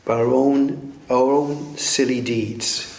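A male preacher delivers a sermon in a noticeably echoey room, his voice sitting at an ordinary middle pitch. He talks in halting bursts, restarting phrases and tossing in tag questions as he goes. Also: steady tone, gravelly, darkish tone.

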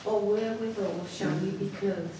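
Woman, scripture reading, measured, distant mic, very echoey hall, noisy background. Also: medium pitch, fairly even intonation. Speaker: scripture reader. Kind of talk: Bible reading.

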